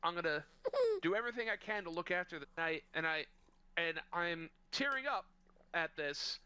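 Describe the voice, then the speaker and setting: A man's voice: fairly high pitch, lively intonation, moderate pace, sharp tone, smooth. A man telling a rambling, crude, mock-sentimental story in casual chat with friends. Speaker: podcast co-host telling a story.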